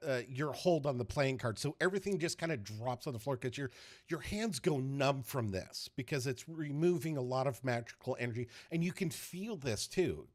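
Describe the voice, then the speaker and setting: A man narrating a tabletop game as game master, telling the scene in an animated way with loose restarts. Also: mid-range voice.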